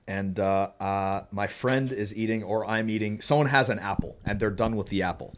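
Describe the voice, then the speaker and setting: A man telling a story on a podcast in a casual, profane, animated way, often laughing as he talks. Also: on the low side, moderate pace, slight background noise. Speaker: podcast co-host.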